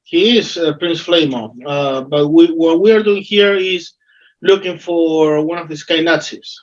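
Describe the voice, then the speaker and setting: A man's voice: fairly high pitch, a little slow. A man playing a tabletop game, asking eager questions in a casual way. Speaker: player. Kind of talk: in-character tabletop play. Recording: dull lo-fi recording.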